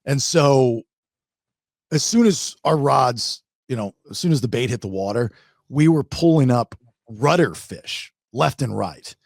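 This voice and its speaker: A middle-aged man hosting a podcast, telling a fishing story in a casual, animated way with many restarts. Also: mid-range voice, measured pace, gravelly, no echo. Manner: animated, restarts a lot, acts out shark growls. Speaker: podcast host.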